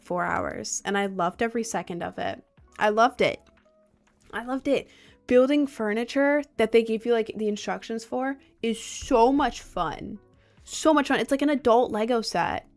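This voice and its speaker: A young adult woman streaming live from her desk, chatting casually in a rambling, filler-heavy way, sleepy and yawning often. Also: a little high. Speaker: livestreamer. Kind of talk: casual livestream chat. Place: home streaming setup at a desk.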